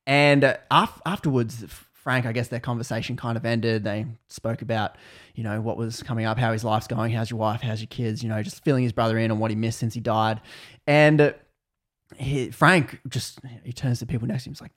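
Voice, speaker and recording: Man, casual storyteller, rambling, self-correcting, middle pitch, chatty podcast talk. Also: steady tone, moderate pace. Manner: rambling, self-correcting, laughs at own jokes.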